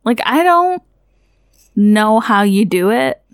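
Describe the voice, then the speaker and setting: A woman's voice: mid-range voice, sing-song, slow, clear, resonant tone, no echo, studio quality. Chatty woman podcast co-host. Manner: chatty, teasing, many "like"s and "you know"s. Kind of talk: casual chat.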